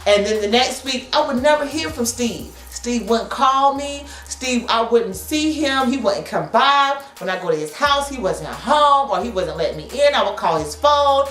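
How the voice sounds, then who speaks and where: Vlogger, thirties, animated slangy storyteller with a lively pitch. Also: female voice, normal speed, hardly any pauses, reverberant, soft background music. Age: 30s. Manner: animated, slangy, laughs often. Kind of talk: casual storytelling.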